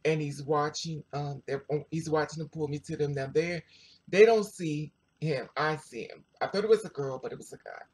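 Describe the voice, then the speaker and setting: A vlogger telling a personal story to viewers in a chatty, animated way, full of asides. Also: medium pitch, moderate pace, breathy edge. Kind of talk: casual storytelling to camera.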